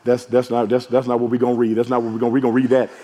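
A man, a hoarse pastor preaching a sermon and calling out to his congregation, rising to shouts. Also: medium pitch, completely flat delivery, racing. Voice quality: gravelly, husky. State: hoarse from allergies. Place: large church sanctuary. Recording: long echo of a large church hall.

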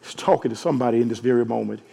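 A man, a hoarse pastor preaching a sermon and calling out to his congregation, rising to shouts. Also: mid-range voice, racing. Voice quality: gravelly, husky. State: hoarse from allergies. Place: large church sanctuary. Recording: long echo of a large church hall.

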